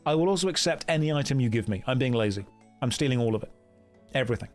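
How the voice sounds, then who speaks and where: A man streaming a game and commenting casually, with wry, rambling and quick talk full of jokey asides. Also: medium pitch, lively intonation, a little mellow, faint music behind.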